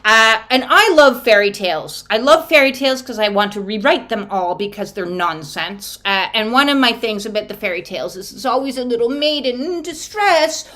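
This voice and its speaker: A woman's voice: fairly high pitch, animated, normal speed, few pauses, sharp tone. A woman doing an oracle card reading in a casual vlog, talking in a blunt, profane, emphatic way. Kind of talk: casual spiritual vlog chat.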